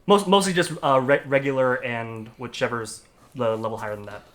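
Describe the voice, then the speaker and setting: Halting young man running a tabletop game. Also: medium pitch, fairly even intonation, fairly bright tone. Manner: halting, many fillers and restarts. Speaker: dungeon master.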